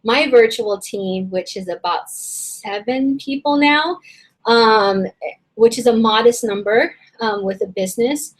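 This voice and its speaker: A woman hosting a casual online business session. She talks in a chatty, rambling way, full of fillers and restarts, and her voice is a little hoarse and strained. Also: on the high side, unhurried, low-quality recording. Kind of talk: casual webinar teaching.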